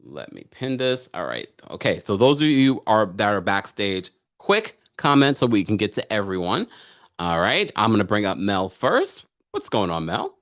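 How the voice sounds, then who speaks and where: A man hosting a live weekly recap stream, briskly pinning links and bringing up callers. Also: fairly low pitch. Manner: relaxed, brisk, managing callers. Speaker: livestream host. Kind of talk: live recap show with call-ins.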